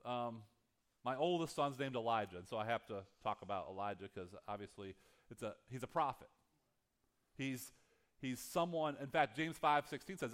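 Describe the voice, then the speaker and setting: A man preaching a sermon as pastor, earnest and halting, often restarting his sentences. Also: mid-range voice, animated, a bit bright.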